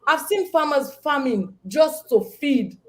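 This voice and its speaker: A woman's voice: sits high, animated, a little slow. A woman farmer speaking on a panel, emphatic and rallying, repeating short punchy phrases. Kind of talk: impassioned panel talk.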